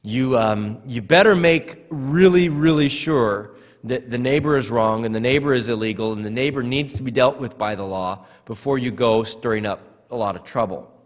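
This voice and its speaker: A man's voice: mid-range voice, normal speed. A man preaching a sermon as pastor, earnest, often repeating words as he starts a phrase. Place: church sanctuary. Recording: church hall reverb.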